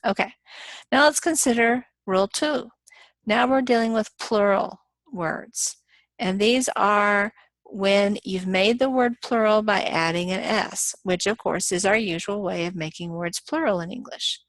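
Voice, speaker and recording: A woman's voice: medium pitch, measured pace, no echo, low-quality recording. A woman instructor giving a recorded lecture, explaining things plainly with frequent ums and self-corrections.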